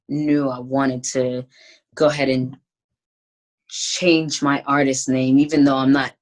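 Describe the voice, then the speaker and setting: A woman, a singer and songwriter, answering interview questions over a video call in a thoughtful, relaxed way with many "um"s. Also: sits low. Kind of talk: casual interview chat.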